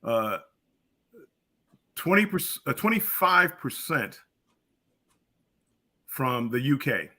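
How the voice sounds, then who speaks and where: Bright-voiced older man, stammering. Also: medium pitch, very animated, slow pace, long pauses. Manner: stammering restarts, reasoning it out. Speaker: co-host. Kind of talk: casual live-stream chat.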